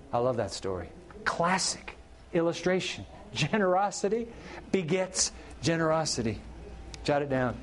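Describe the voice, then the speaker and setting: A middle-aged pastor preaching a sermon, telling the story with animated delivery and acting out characters' lines. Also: male voice, on the high side, normal speed.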